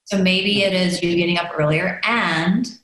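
A woman life coach speaks on a podcast in a reassuring, direct way. Her voice sits slightly low. The recording has a roomy echo around it. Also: fairly even intonation, moderate pace, a bit bright. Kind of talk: coaching conversation as podcast guest.

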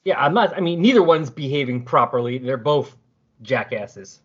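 A man's voice: mid-range voice, animated, moderate pace, slightly rough, lo-fi sound. A man co-hosting a casual recap chat, giving opinions and laughing often. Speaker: podcast co-host.

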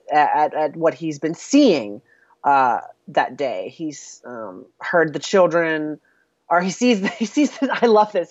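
Speaking in a low voice, this woman co-hosts a relaxed podcast conversation about a film she's recapping, laughing often and leaning on plenty of fillers. There's no room sound, though the audio comes across dull and lo-fi.

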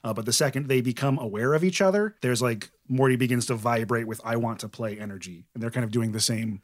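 A man narrating as game master in a relaxed, chatty way, with plenty of fillers. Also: medium pitch, fast talker.

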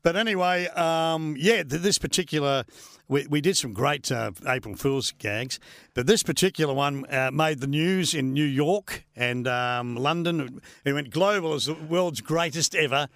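Gravelly Australian man telling stories. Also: a little high, unhurried, a bit bright, no echo, studio quality. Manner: chatty, laughing, many restarts. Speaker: radio host guest. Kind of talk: casual storytelling interview.

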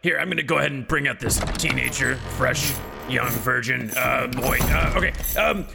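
A man's voice: medium pitch, normal speed, creaky, over music. A man playing a hesitant, stumbling judge in an improvised courtroom sketch. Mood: probing. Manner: hesitant, stumbling, with sudden shouts of order. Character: bumbling male courtroom judge.

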